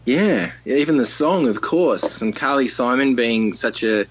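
Aussie guy on a film podcast, husky voice, kinda muffled lo-fi sound, thinks out loud. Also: medium pitch, animated, a little slow. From Australia. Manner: reflective, recalling details with fillers. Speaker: podcast co-host. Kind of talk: casual film discussion. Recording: dull lo-fi sound.

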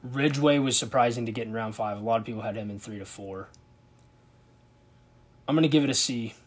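A man with a husky, somewhat breathy voice and a mid-range pitch hosts a casual sports commentary video. He thinks aloud and reacts with open disbelief as he goes. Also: brisk. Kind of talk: casual commentary on a football draft.

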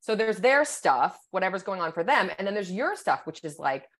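A woman's voice: medium pitch, big pitch swings, normal speed, few pauses. A woman, a sports psychologist, explaining her ideas thoughtfully in a podcast interview, often checking in with "right?" and "you know".

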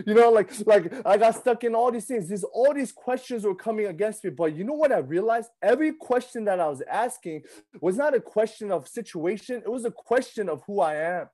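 A man in his thirties preaching a sermon in a conversational, animated way, often repeating himself and acting out his own thoughts. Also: high-pitched, a little fast. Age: 30s. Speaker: pastor.

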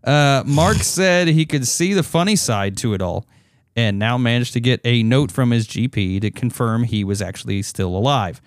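A man's voice: mid-range voice, moderate pace, no echo, studio quality. A man co-hosting a podcast, reading out odd news headlines in a joking, offhand way with plenty of fillers and restarts. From not British. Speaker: podcast co-host.

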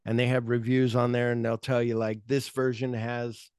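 A man's voice: medium pitch, little pitch movement, normal speed, a little mellow, clean tone, no echo, clean studio sound. Rambling man hosting a film podcast. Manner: rambling, loose, heavy on fillers. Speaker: podcast host. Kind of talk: casual film chat.

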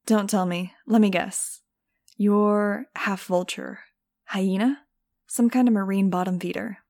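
A woman's voice: medium pitch, steady tone, unhurried, darkish tone, lightly acted. A woman reading an audiobook, voicing a sarcastic teenage girl with a mocking, wisecracking manner in a raised voice.

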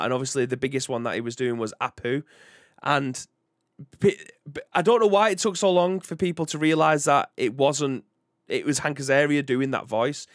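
A British man hosting a live video game podcast. He rambles in a relaxed, chatty way and restarts his sentences often. His voice sits at an ordinary pitch and is recorded close and dry. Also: dry recording. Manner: chatty and rambling, reads out chat comments. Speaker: podcast host. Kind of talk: casual live-stream chat.

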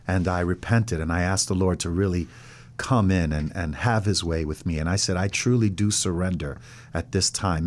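A middle-aged man, a pastor, telling his faith story in an interview and acting out the voices of people in it. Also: on the low side. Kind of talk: testimony in an interview.

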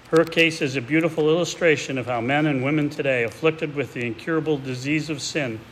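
A man preaching a sermon in a conversational, reflective way, with hesitant restarts, sometimes reading a passage aloud. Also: mid-range voice. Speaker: pastor. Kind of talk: expository sermon with a read-aloud excerpt. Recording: distant voice with hall reverb and faint noise.

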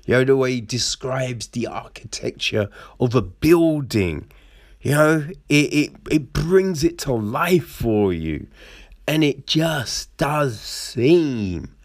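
Man, book review chat, lively up-and-down pitch, slow delivery, keeps saying "right?". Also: no room sound, clean studio sound. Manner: animated, acts out characters in quick quoted voices; rambling with frequent "right?" and "you know".

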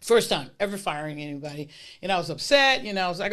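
A middle-aged woman telling personal stories about her career mentors in a lively, emphatic way. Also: lowish voice, quick pace. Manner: emphatic, lively retelling with acted-out dialogue. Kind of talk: personal storytelling talk.

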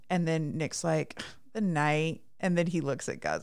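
A woman's voice: low-pitched, lively intonation, measured pace, a little mellow, clean tone. A woman co-hosting a casual chat, gushing with enthusiasm as she retells movie scenes. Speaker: podcast co-host.

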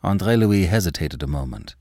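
A man narrates a classic novel in a measured, expressive style. His voice is low and deep, with wide, lively swings in pitch, recorded dry and close with no room echo.

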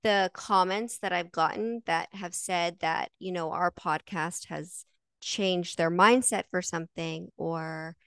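Smooth-voiced woman chatting with listeners. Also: lowish voice, fairly even intonation, slow pace, a bit bright, dry recording, studio quality. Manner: upbeat, addresses listeners directly. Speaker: podcast co-host. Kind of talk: casual live-stream chat.

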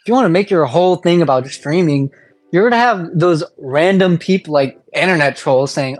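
A podcast co-host in casual chat, animated and laughing. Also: medium pitch, moderate pace, dry recording.

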